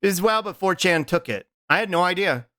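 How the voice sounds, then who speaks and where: A man's voice: high-pitched, lively intonation, brisk, pushed and bright, dry recording. A man streaming live who chats casually with his viewers and reads their messages aloud, rambling with plenty of swearing, fillers and restarts. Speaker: Twitch streamer.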